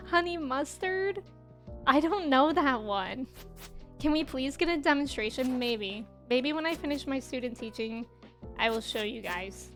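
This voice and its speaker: High and slightly bright, this twentysomething woman's voice carries easy banter as she plays a game on stream. Laughing often, she talks with her audience and reads their chat messages aloud.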